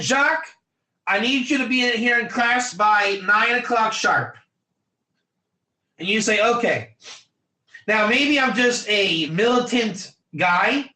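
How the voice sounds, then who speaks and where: A rabbi with a high, bright, ringing voice leads a lively online Torah class from an echoey room. He is animated, acting out little scenes and calling on students by name.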